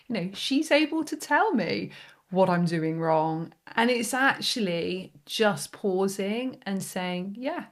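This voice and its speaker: A woman, hosting a podcast and talking thoughtfully in a heartfelt conversation. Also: medium pitch. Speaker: podcast host.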